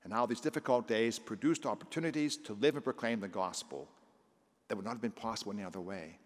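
Older priest preaching in a reverberant church. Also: male voice, lowish voice, fast talker. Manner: conversational preaching, acting out scripture voices. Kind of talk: sermon.

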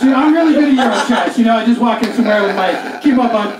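A profane, self-mocking stand-up comic. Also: male voice, extremely high pitch, very fast, hardly any pauses, crowd noise. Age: 40s. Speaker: stand-up comedian. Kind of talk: live stand-up set. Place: comedy club stage. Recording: echoey club heard from far off, audience. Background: audience laughter.

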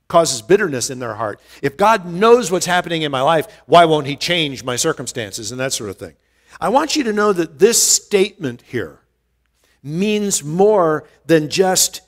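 Earnest male pastor teaching scripture. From United States. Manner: earnest, repeats words when restarting; rises in pitch and volume for emphasis. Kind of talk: verse-by-verse Bible teaching.

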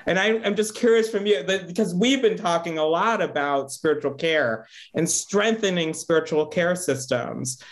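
A man with a fairly high voice speaks earnestly as he hosts a reflective interview. He thinks aloud in searching, winding sentences, checking in with his guest as he goes. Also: moderate pace, few pauses. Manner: earnest, searching, many "right?" tags. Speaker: host.

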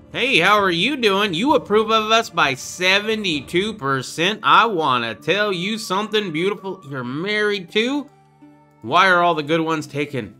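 A man's voice: high voice, sharp tone. A young man casually commenting on his own gameplay, joking around and reading out the game's dialogue. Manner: playful, joking, reads out game dialogue. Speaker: gaming channel host. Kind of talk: casual let's-play commentary.

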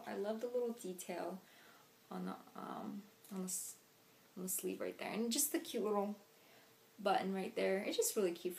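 A young woman vlogger chats casually to the camera about her shopping haul, her speech full of "like" and "um." Her voice is medium in pitch and creaky, with slight background noise in the recording.

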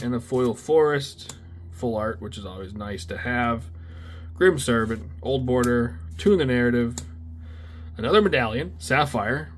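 A young man casually talking through a card unboxing, excitable and slangy, often exclaiming at what he pulls. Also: mid-range voice, slight background noise. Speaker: card opening video host.

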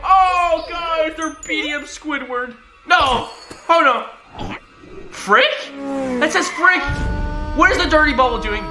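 A high-pitched woman reacts to clips in an excitable, gasping commentary, forever calling out to her viewers as guys. She speaks at an unhurried pace. Her voice sounds roomy, with music playing behind her. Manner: gasping, exclaiming, constantly addressing viewers as guys. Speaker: reaction video host. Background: background music.

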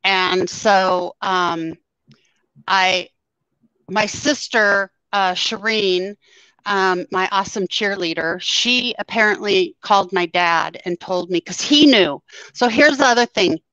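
A woman guest telling a personal story in a halting way, full of ums, her voice scratchy after surgery. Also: mid-range voice, bright, forceful tone, no room sound. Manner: halting, with many ums and pauses. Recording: dull, lo-fi sound.

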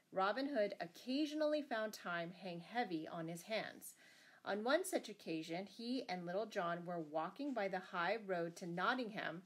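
A woman reads a classic storybook aloud at a steady, measured pace. Her voice sits in a middle pitch, and she gives the characters' lines only a light touch. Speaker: audiobook reader. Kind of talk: storybook narration.

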